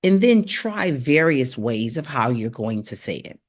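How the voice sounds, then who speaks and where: A woman coaching voice in a relaxed live stream, talking straight to her viewers. She repeats her points, checks in often and drops into quick rap lines and tongue twisters to show the drills. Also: very deep voice. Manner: encouraging, repetitive, rapping drills aloud. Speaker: vocal coach.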